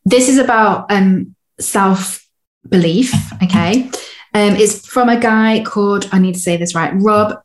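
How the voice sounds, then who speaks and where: A woman co-hosting a coaching podcast, upbeat and playful, who also reads out a listener's story. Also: medium pitch. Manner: upbeat, playful, slips into quick voices for inner characters. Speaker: podcast co-host. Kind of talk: casual coaching chat and reading a listener story.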